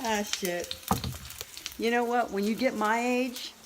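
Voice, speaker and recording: A woman's voice: fairly high pitch, heavy background noise. Chatty woman in her fifties, sizzling pan behind. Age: 50s. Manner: chatty, thinks aloud, jokes and laughs at herself. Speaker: cooking vlog host. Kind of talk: casual cooking demonstration. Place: home kitchen.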